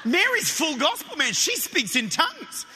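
A man from Australia with an Australian accent, preaching a lively sermon in a church, telling stories with excited stammered restarts. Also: very high voice, normal speed, big-room sound, noisy background. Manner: energetic, animated storytelling with stammered restarts.

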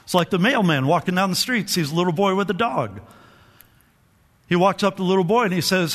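Man, pastor, sermon, call-and-response, repeats himself, high voice, long hall reverb. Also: animated, fast, fairly bright tone. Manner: call-and-response preaching, repeats phrases, stammering restarts. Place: church hall.

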